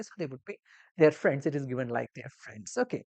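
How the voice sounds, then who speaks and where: A woman's voice: extremely low pitch, lively intonation, brisk, vocal fry, darkish tone, no room sound. A woman teaching a live online exam-prep lesson, explaining steps in a meandering way with many restarts. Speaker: language teacher.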